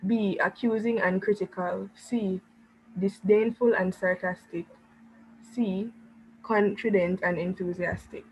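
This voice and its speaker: A woman student reading an exam question aloud in a steady, measured way. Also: medium pitch. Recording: dull lo-fi with faint noise.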